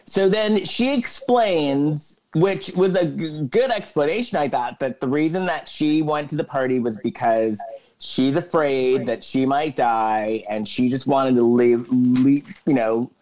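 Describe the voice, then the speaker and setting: A man's voice: medium pitch, a little slow, dull audio. A man co-hosting a podcast, casually recapping a movie plot and acting out the characters' lines. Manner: animated retelling with acted-out quotes. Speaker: podcast co-host.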